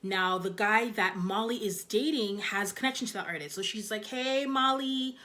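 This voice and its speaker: A woman's voice: medium pitch, moderate pace, bright, forceful tone. A young woman casually reviewing TV episodes, talking loosely with lots of "like" and "you know". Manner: chatty, loose, heavy on fillers like "like" and "you know". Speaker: TV show reviewer.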